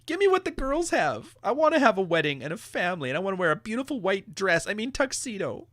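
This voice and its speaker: A man's voice: high-pitched, sing-song, quick pace, fairly bright tone, dry recording, studio quality, voice pushed up. A man voicing a whiny, self-pitying, entitled young man who demands a celebration.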